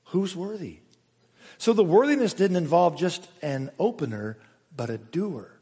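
Dramatic preacher in a reverberant hall. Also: male voice, high-pitched, animated, unhurried, husky. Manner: dramatic, swings from loud exclamations to hushed asides. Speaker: pastor. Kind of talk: sermon. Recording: echoey hall with long reverb.

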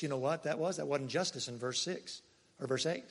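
A pastor delivering a conversational sermon, swinging between loud emphasis and soft, quiet asides. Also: male voice, fairly high pitch, brisk. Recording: long hall reverb.

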